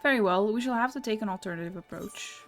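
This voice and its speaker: A woman reading a game townsperson's dialogue aloud in a measured, storytelling way. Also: medium pitch, soft background music, lightly acted. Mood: wistful.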